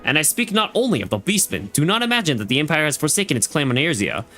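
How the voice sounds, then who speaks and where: A man's voice: fairly high pitch, big pitch swings, quick pace, bright, forceful tone, faint music behind, exaggerated voice. A man reading as a stern war-weary admiral. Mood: solemn. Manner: stumbling over names and lines. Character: stern female fleet admiral recounting war. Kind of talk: reading game dialogue aloud.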